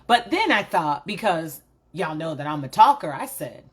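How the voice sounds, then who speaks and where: Husky, low-voiced woman speaking candidly. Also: sing-song, normal speed. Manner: candid, emphatic, addresses viewers directly. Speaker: motivational vlogger. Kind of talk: reflective motivational monologue.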